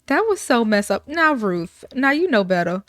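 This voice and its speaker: A woman's voice: fairly high pitch, very animated, normal speed, no room sound, studio quality. A woman casually commentating a life sim let's play in a chatty, upbeat way. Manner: chatty, upbeat, many fillers.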